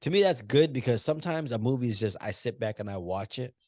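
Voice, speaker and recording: A man's voice: mid-range voice, expressive, quick pace, darkish tone, no echo, clean studio sound. A man co-hosting a movie podcast, talking loosely and profanely, teasing his co-host. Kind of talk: casual chat.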